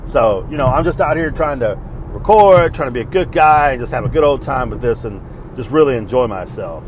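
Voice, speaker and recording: A man's voice: mid-range voice, expressive, fairly quick, a little hiss or hum. A middle-aged man, hosting a podcast in a blunt, profane, fired-up rant. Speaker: podcast host. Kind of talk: casual ranting monologue.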